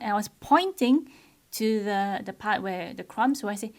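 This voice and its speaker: A woman's voice: medium pitch, normal speed, darkish tone. A woman in her thirties telling a personal parenting story to camera in an earnest, firm way, acting out what her child said. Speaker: parenting vlogger.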